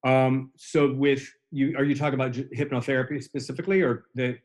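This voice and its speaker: A man's voice: medium pitch, steady tone, fairly quick, darkish tone. Earnest man in his forties explaining. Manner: earnest, explanatory, builds on extended imagery. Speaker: hypnotherapist and coach. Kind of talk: casual podcast conversation.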